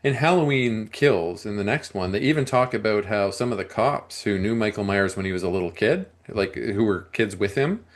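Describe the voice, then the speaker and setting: A man co-hosts a movie review podcast, talking casually and at length in a fairly low, animated voice at normal speed with few pauses. He often clears his throat and restarts sentences.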